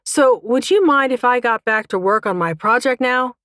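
A woman voices a smug male goblin in an audiobook, lifting her pitch above her usual voice. He is glib and teasing, talking down with an aloof ease, in a dry, close recording. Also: moderate pace, a bit bright, no echo, lightly acted. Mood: smooth. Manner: glib, teasing, calls everyone babe. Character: smug, cheeky male goblin tech officer.

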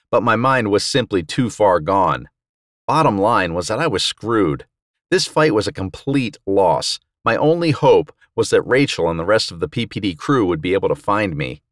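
A man narrating an audiobook in the first person, wry and sardonic, with loud outbursts and muttered asides. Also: deep voice, no echo, studio quality.

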